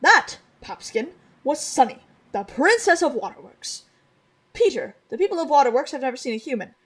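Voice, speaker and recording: A woman playing a deliberate, wise companion. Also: high-pitched, very animated. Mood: explaining.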